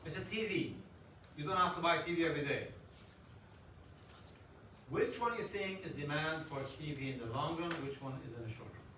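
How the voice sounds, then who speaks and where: A man lecturing a university class in an animated way, putting questions to students and joking. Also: on the high side, normal speed, pauses often, far from the mic. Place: lecture hall. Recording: echoey hall, voice from afar, faint noise.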